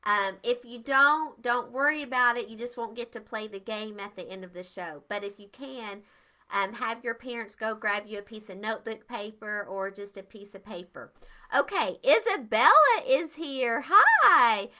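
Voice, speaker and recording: Older lady hosting a kids' etiquette stream, high bright voice, slow and gushy. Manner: bubbly, effusive greetings to viewers. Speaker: etiquette show host. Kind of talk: live-stream lesson for kids.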